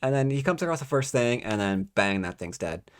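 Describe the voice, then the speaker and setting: A man giving a casual, sarcastic book review, exasperated and mocking the story in quick put-on voices. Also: medium pitch, lively intonation, clear, resonant tone.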